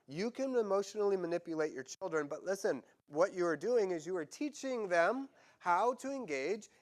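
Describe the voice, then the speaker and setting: A man pastor preaching a sermon, animated and conversational, acting out quoted voices with humor. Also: sits high.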